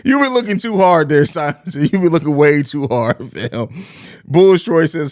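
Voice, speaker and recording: Guy hosting a bulls stream, laughs a ton, slangy banter, a bit high voice. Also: expressive, normal speed, a little mellow. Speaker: podcast host. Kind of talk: live stream pregame chat.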